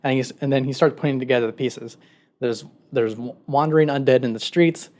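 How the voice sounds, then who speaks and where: A man's voice: mid-range voice, fairly quick, darkish tone. A man co-hosting a podcast, retelling a story in a casual, rambling way with many filler words. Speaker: podcast co-host. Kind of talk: casual chat.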